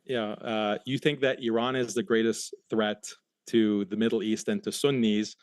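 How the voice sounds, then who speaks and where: A man's voice: fairly low pitch, level tone, smooth, no room sound. A man with an American accent debating heatedly, indignant and accusatory toward his opponent. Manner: indignant, accusatory, quick to protest.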